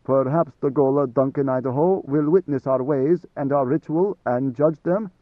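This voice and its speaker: A man voicing a servile, whining village elder in an audiobook, slow and wheedling, querulous when offended. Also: mid-range voice, no echo, narrow, tinny audio, natural voice. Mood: eager pleading.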